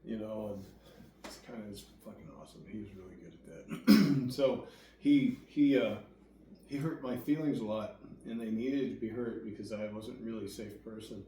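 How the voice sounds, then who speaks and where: A man's voice: on the low side, moderate pace. A young man casually telling a rambling, profane story, acting out what others said to him. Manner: acts out quoted dialogue with lively voices. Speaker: guest sharing recovery story. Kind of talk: casual conversation. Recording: echoey room, distant mic, faint background noise.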